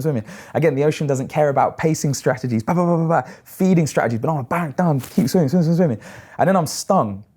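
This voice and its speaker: A British man in his thirties telling animated stories in a casual interview. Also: mid-range voice. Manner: animated storyteller, acts out quoted voices. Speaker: guest, long-distance swimmer.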